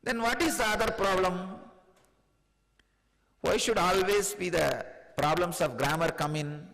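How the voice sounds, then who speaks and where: Indian man, spiritual teacher, high voice, chuckling discourse, long hall reverb. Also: unhurried, vocal fry. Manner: chuckles often, teasing and animated.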